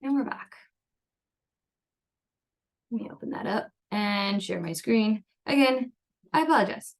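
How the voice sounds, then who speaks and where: A woman's voice: mid-range voice, expressive, measured pace. A young woman nutrition coach talks to her clients over a computer mic on a video call. Her voice sits in a middle register, and her delivery is chatty and loose, full of fillers and reassurance. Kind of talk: casual coaching talk over screen share.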